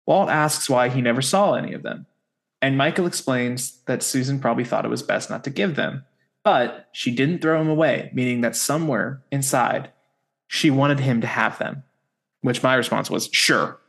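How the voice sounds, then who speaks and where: A man's voice: mid-range voice, normal speed, vocal fry. A man co-hosting a podcast, recapping a TV episode in casual chat with sarcastic asides. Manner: wry, sarcastic asides while summarizing.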